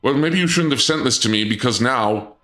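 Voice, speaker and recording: A man streaming casually in a dark lord persona, flustered and indignant, stammering and restarting often, with sudden high-pitched outbursts. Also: expressive, a little fast, soft background music.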